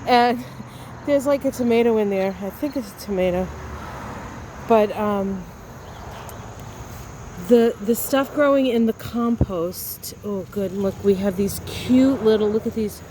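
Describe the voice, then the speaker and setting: A woman's voice: mid-range voice, unhurried, pauses often, dark tone, slight background noise. A woman vlogging casually to camera outdoors in her garden, chatty and enthusiastic, often trailing off with fillers. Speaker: astrology vlogger.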